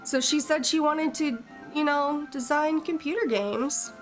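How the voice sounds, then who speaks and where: A woman's voice: sits high, measured pace, faint music behind. A woman game streamer chatting casually and giggling during a live-stream playthrough, greeting viewers as she plays. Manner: chatty, giggly, reads in-game texts aloud. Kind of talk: casual live-stream chat over gameplay.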